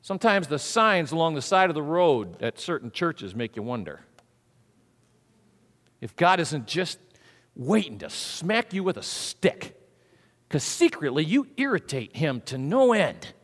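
A man preaching a sermon, animated and conversational, swinging from hushed asides to booming emphasis. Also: a little slow. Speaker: pastor. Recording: long hall reverb.

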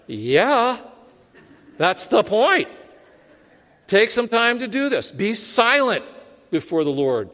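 Male pastor, sermon delivery; higher register, conversational, self-deprecating humor; reverberant sanctuary. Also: very animated, slow pace, pauses often, fairly bright tone. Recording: long hall reverb.

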